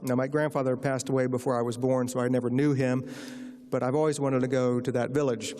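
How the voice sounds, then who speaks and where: A man's voice: medium pitch, flat delivery, fairly quick, dark tone. An American man giving a lecture as a guest author, telling humorous anecdotes in a wry, self-deprecating way. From United States. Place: lecture hall. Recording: reverberant lecture hall.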